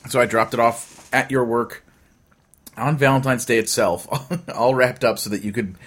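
A man co-hosting a podcast, explaining a comic he drew in a steady, methodical way. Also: medium pitch, normal speed. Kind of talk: casual chat.

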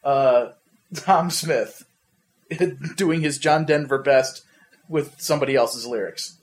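A young man hosting a podcast, ranting and swearing in casual, animated chat. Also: mid-range voice, slow. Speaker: podcast host.

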